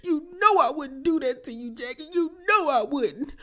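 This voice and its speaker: A woman mimicking a reality star who fake-cries, with sobbing, pleading, high wailing lines. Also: lively intonation, moderate pace, pushed and bright. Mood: fake crying.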